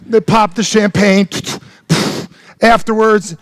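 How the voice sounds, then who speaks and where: A man giving a live motivational seminar talk, animated and blunt, swearing freely and keeps asking the audience questions. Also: high voice, takes it slowly, no echo, clean studio sound. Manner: animated, blunt and profane, keeps quizzing the crowd. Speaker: motivational speaker.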